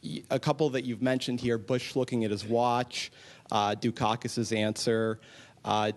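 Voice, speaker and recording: Male audience member, mid-pitched, halting delivery as he frames a question. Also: fairly even intonation. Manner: hesitant, halting, searching for words.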